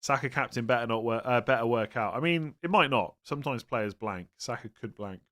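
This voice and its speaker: An English male streamer, tired and yawning, reads out viewer questions and answers them in a casual, meandering way. He's chatty and rambling, often interrupting himself, with a medium-pitched voice, brisk delivery and a sharp tone.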